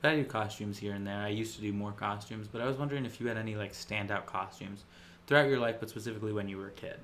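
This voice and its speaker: A man's voice: fairly low pitch, fast, fairly bright tone, slight background noise. A man co-hosting a podcast in casual chat, rambling and jokey, mocking himself with a grin. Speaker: podcast co-host.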